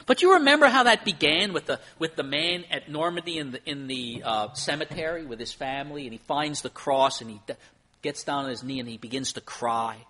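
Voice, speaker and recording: Bright-voiced man preaching a sermon. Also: on the high side, lively intonation, a little fast, a little hiss or hum. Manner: earnest preaching, rising and falling with emphasis. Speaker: pastor. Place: church.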